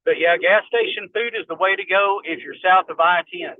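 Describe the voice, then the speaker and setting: Kentucky guy talking from his car, highish voice, tinny phone-like sound, folksy. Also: brisk, no room sound. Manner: folksy, storytelling while driving. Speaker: guest, fire department instructor. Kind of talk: casual chat. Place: inside a car on a rough road.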